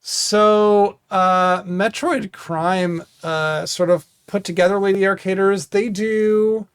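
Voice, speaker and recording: Male stream host, casual wrap-up chat, clear resonant tone, dead-dry close mic, halting delivery. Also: sits high, fairly even intonation, dry recording. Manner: halting, many fillers.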